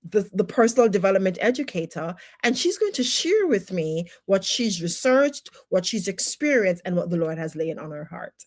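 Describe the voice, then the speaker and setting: A woman's voice: medium pitch, sing-song, normal speed, few pauses, a little mellow. Emphatic woman teaching personal growth. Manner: emphatic, full of rhetorical questions; faith-based encouragement. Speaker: personal development educator. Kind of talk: livestream teaching talk.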